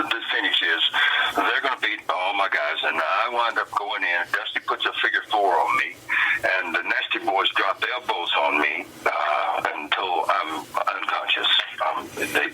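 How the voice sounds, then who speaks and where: An older man, a wrestling manager, telling stories in a casual interview with a folksy, animated delivery. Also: sits low, moderate pace, slight background noise, rough recording. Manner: animated storyteller with laughs and Southern folksy phrasing. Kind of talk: storytelling interview.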